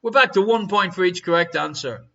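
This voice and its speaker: A man hosting a live-streamed online quiz from home, reading questions and answers with jokey, showy patter and sudden loud calls. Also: high voice, a little fast, lo-fi sound. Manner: jokey, showy quizmaster patter with big swings in loudness. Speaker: quiz host.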